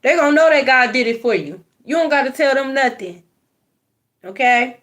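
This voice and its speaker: Woman card reader, higher voice, blunt, preachy, profane, repeats lines for punch. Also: animated, normal speed, fairly bright tone. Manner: repeats phrases for emphasis. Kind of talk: spiritual card reading monologue.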